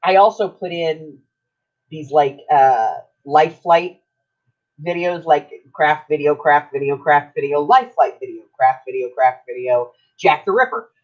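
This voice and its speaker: A woman's voice: sits low, animated, unhurried. An older woman hosting a craft livestream, chatting in a rambling, self-mocking way while she works. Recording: dull lo-fi stream audio.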